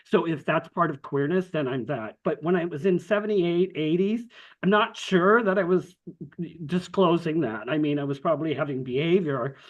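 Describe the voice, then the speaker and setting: A middle-aged man with a fairly high voice speaks over a dull, lo-fi video call. He answers frankly and reflectively and slips in wry asides. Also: normal speed. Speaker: scientist, panelist.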